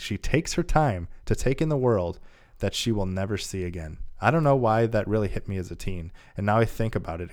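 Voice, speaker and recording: A man co-hosting a casual gaming podcast, reading listener mail aloud and laughing often. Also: on the low side. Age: adult father of a young child. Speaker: podcast co-host.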